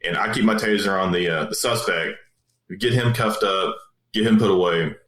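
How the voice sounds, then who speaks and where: A man's voice: low voice, normal speed, fairly bright tone. A man, a police officer, telling a story in a casual, rambling way with many fillers and restarts. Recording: roomy echo.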